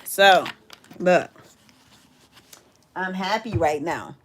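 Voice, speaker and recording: A middle-aged woman hosting a casual livestream, chatting with viewers and calling out where they are from. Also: extremely slow. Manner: chatty, reads out viewers' locations, calls out "in the house"; animated, jumps high in pitch when greeting viewers. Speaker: livestream host.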